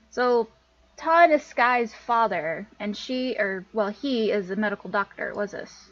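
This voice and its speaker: A woman's voice: mid-range voice, expressive, unhurried, dry recording. Chatty woman streaming a visual novel. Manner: chatty, self-correcting. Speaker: game streamer. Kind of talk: visual novel playthrough commentary. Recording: dull lo-fi recording.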